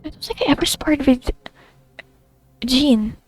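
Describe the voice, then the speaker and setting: A woman's voice: high voice, unhurried, darkish tone, dry recording, faint music behind. A young woman chatting casually to herself while playing a video game, giggly and talkative. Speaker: gamer playing a story quest. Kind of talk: casual gameplay commentary.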